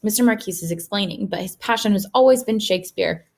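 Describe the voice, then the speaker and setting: A woman's voice: mid-range voice, fast. A woman teacher reading a children's novel aloud to her pupils. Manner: steady, clear reading to children. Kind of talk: read-aloud storybook narration.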